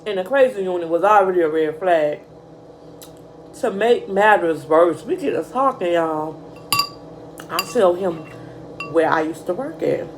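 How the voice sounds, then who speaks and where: A young woman vlogger telling a casual storytime, animated and profane, calling her viewers y'all. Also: on the low side, measured pace, long pauses, over music, low-quality recording.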